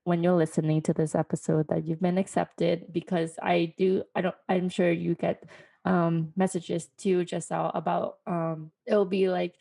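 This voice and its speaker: A woman's voice: fairly low pitch, flat delivery, normal speed, gravelly, mellow. A woman co-hosting a casual podcast, talking in an encouraging way with small fillers. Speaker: podcast co-host, sonography student.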